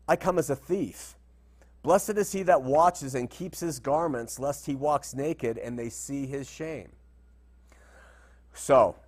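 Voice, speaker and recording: A man teaching through Bible verses in a conversational style, often asking rhetorical questions. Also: fairly high pitch. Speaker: preacher.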